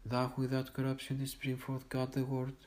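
A man reading liturgical morning prayers aloud in a steady, measured recitation. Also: medium pitch, rough recording. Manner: steady monotone recitation on one note. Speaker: liturgical reader.

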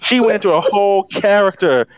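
A man's voice: sits high, fairly quick, no echo. Sassy young man telling stories. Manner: animated storyteller, sassy asides. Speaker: podcast co-host. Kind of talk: casual chat.

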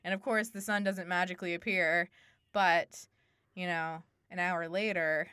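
A woman's voice: lowish voice, unhurried, clear, resonant tone, dry recording, clean studio sound. A woman co-hosting a podcast, retelling a story casually and laughing often. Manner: animated, laughs often, uses voices. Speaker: podcast co-host.

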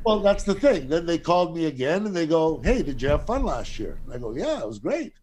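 A man's voice: on the high side, fairly quick, slight background noise. A middle-aged man telling a long anecdote in casual talk, swearing freely and acting out the other people's lines. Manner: profane, animated, acts out quoted voices. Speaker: guest storyteller.

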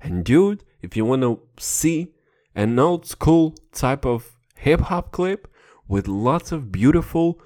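A young man with a lively, bouncing voice who swings between high and low, swearing and laughing through a rambling podcast rant. English is not his first language. He talks right into a close microphone. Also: takes it slowly. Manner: profane, rambling, playful, laughs a lot. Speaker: podcast host. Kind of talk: crude comedic podcast rant.

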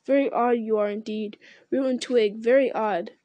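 A woman voicing an ancient, giant male tree creature who speaks slowly and solemnly, murmuring and humming as he thinks. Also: a little high, steady tone, dark tone, no echo, dull audio, natural voice. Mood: ponderous. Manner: slow, deliberate, murmuring with hums.

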